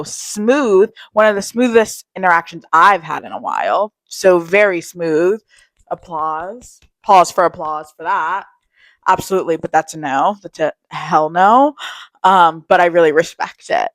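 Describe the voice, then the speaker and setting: Young woman yapping to camera, candid, swears a lot, lowish voice, dry close sound. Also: expressive, moderate pace, dry recording, low-quality recording. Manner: chatty storytelling, candid and swearing. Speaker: vlogger. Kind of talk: casual chat vlog.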